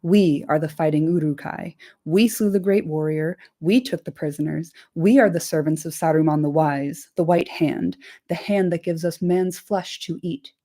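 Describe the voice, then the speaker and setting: A woman reading the part of a brutal male orc captain with a deep growl, boastful and barking orders. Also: normal speed, hardly any pauses, mellow. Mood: gruff.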